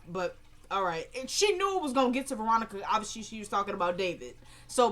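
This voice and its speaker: A woman recaps a TV drama episode in a loose, chatty way. She stays animated and conversational, and slips into quick impressions of the characters as she goes. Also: medium pitch. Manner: chatty, animated, acts out quoted lines.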